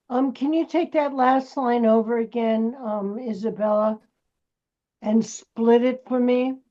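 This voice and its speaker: A woman's voice: on the high side, warm tone. Brash acting teacher, woman, lo-fi sound. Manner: brash, teasing, pushy. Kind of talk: coaching a scene rehearsal. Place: acting class studio. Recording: dull lo-fi recording.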